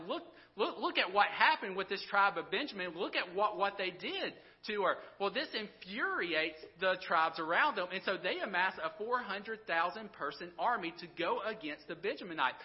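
A man's voice: high voice, expressive, normal speed, hardly any pauses, lo-fi sound. A man teaching a casual Bible lesson, retelling the story in his own words with many stammers and repeated words. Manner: stammering, repeats words, voices characters informally.

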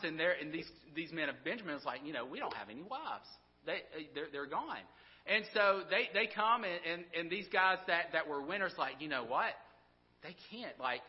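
A man's voice: on the high side, highs cut off. A man teaching a casual Bible lesson, retelling the story in his own words with many stammers and repeated words. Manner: stammering, repeats words, voices characters informally.

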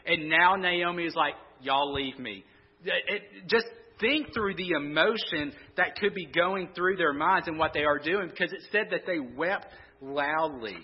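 A man's voice: fairly high pitch, normal speed, slightly rough. A man preaching a sermon, conversational and repeating words as he thinks aloud. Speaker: pastor. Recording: muffled sound in a reverberant hall.

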